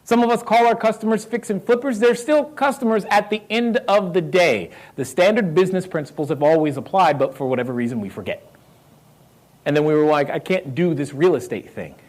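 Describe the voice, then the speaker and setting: Speaking fairly quickly in a high voice, a Southern-accented man from North Carolina roots delivers a live motivational real estate talk. Energetic throughout, he asks the crowd questions and repeats his key lines.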